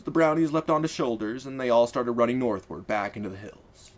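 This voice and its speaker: A man's voice: mid-range voice, animated, brisk, hardly any pauses. A man narrating his own fantasy audiobook in a wry, casual storytelling manner. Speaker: author and narrator.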